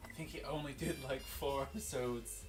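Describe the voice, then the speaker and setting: A man's voice: mid-range voice, fairly even intonation, moderate pace, soft background music. A man giving dry, short replies in casual chat while playing a video game.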